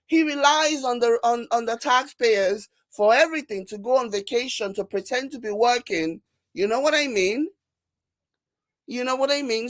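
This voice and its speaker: Nigerian lady doing slow chatty commentary, bit high voice, dry close sound. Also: dry recording. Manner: animated, laughing, mocking, repeats herself for emphasis. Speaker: commentary channel host. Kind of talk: casual commentary reading viewer comments.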